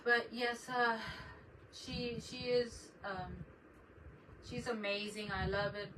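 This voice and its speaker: A woman's voice: fairly high pitch, level tone, slow pace, bright, forceful tone. Chatty woman streaming from a distant mic. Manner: rambling, chatty, greets viewers by name. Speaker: crafting channel host. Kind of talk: casual live-stream chat. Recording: distant mic with noticeable background noise.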